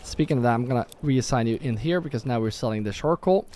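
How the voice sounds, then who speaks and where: A man's voice: mid-range voice, quick pace, a little mellow. A man casually commenting on his own gameplay on a live stream, thinking aloud and often correcting himself. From Norway. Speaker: gaming streamer. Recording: faint background music.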